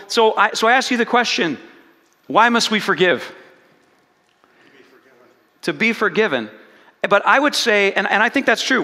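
A man with a high, bright voice preaching a sermon, acting out quoted lines as he tells the story. He keeps asking the congregation questions. His voice rings with the long reverb of a hall. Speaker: pastor.

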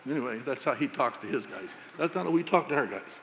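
A man preaching a sermon, telling a folksy story about coaching and quoting himself with animated emphasis. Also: a little high, fast, few pauses, in a large hall, slight background noise.

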